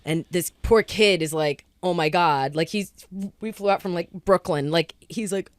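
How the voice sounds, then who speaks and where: A woman's voice: on the low side, normal speed, no room sound, clean studio sound. A woman in her forties, a podcast guest, telling a story in casual chat and acting out the quotes as she goes.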